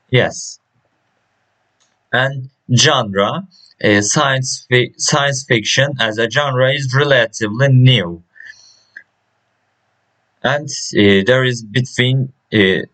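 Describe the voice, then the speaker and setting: A man works through a pronunciation lesson at an unhurried pace. His voice sits at a middling pitch, and he halts often with fillers and restarts as he reads words and their example sentences. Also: a bit bright, low-quality recording. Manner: slow and hesitant, many restarts and uh fillers. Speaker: pronunciation teacher.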